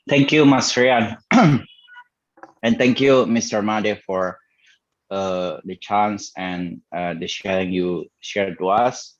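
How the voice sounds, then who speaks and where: A man's voice: lowish voice, slow pace, lo-fi sound. A man in an online audience asking a question, speaking politely and hesitantly over a video call.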